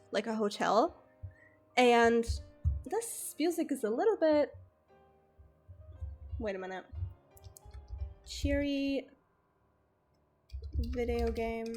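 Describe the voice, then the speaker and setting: A woman's voice: on the high side, lively intonation, slow pace, pauses often, faint music behind. Chatty young woman with a slight lisp. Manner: chatty and rambling, swears freely. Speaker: streamer. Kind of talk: casual storytime chat.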